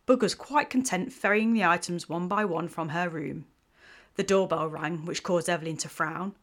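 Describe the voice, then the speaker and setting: A woman's voice: fairly low pitch, normal speed. Woman narrating a romance story.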